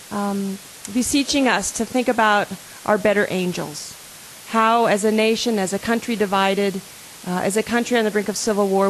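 A woman's voice: mid-range voice, a little hiss or hum, low-quality recording. A woman speaking as a park service official, giving an earnest talk and quizzing her audience. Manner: asks audience questions, earnest and conversational.

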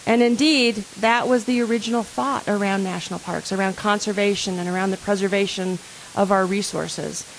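A woman's voice: medium pitch, fairly even intonation, normal speed, a little hiss or hum, low-quality recording. A woman speaking as a park service official, giving an earnest talk and quizzing her audience. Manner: asks audience questions, earnest and conversational.

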